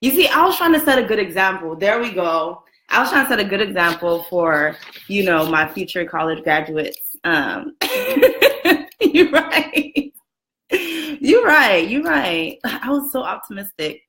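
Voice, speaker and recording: A woman in her twenties hosting a casual live video chat from a room at home, chatty and lively, greeting viewers by name and laughing often. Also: on the low side, moderate pace, slight background noise. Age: 20s. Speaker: livestream host. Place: room at home with a roommate next door. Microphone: camera and phone set up for a live stream.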